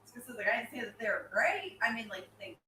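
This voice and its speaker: A woman joining a casual chat, answering in quick, offhand remarks. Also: on the high side, sing-song, pushed and bright, slight background noise.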